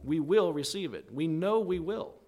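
Preaching in a conversational, teaching manner, this man keeps asking "right?" and performs quoted voices with big jumps in pitch. His delivery is expressive at a moderate pace, with a darkish tone.

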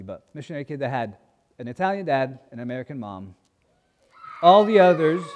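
A man preaching a sermon, telling a Bible story and a childhood memory with lively acted-out voices. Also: on the high side, in a large hall, slight background noise. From grew up as a missionary kid in a mission. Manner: animated storyteller, acting out voices in quotes.

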